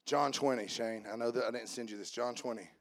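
In church on Easter, a male preacher trades quiet jokes with his congregation before swelling into loud, stretched-out preaching. He speaks in a mid-range voice.

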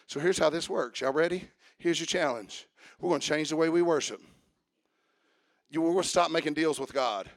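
A man preaching a sermon, swinging from quiet talk to shouting and chanting as he coaches the congregation. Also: fairly high pitch, moderate pace, dry recording, clean studio sound.

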